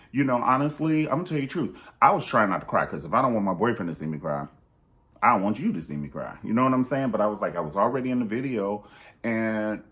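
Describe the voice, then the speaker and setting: A man talking straight to camera in a candid vlog, giving emphatic, preachy advice and jumping up in pitch to stress his points. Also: fairly bright tone. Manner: pitch jumps high for emphasis. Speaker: vlogger. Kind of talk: candid personal vlog monologue.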